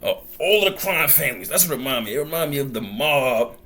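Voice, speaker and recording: Animated, profane man ranting on a show. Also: medium pitch, quick pace. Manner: blunt, profane, animated storytelling. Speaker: commentary show host. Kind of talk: casual commentary monologue.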